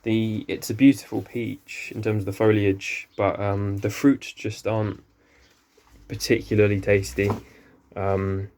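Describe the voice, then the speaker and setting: Male gardener, low-pitched, chatty and hesitant, casual greenhouse walk-through. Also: flat delivery, a little slow, darkish tone, a little hiss or hum. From England. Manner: rambling, many ums, self-correcting. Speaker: gardening vlogger. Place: small greenhouse.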